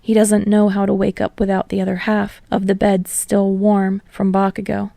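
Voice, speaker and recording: A woman's voice: medium pitch, monotone, moderate pace, vocal fry, warm tone, no room sound. Woman reading a fan fiction audiobook. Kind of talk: audiobook narration.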